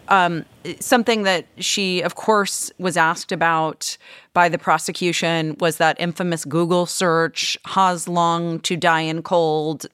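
Lower-voiced woman news co-host. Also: a bit bright, smooth, no room sound, studio quality. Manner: prompts with questions to her co-host. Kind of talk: news podcast discussion.

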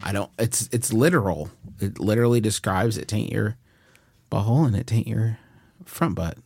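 A man's voice: lowish voice, moderate pace, creaky, darkish tone, husky, no room sound. A man co-hosting a podcast in a playful, goofy, teasing way. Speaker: podcast co-host. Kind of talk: casual chat.

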